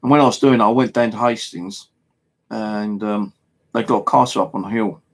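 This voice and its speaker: A man with an English accent, a paranormal vlogger, rambles casually through a story in a home video monologue, swearing and using lots of fillers. He speaks a little fast and steadily, in a low, creaky voice.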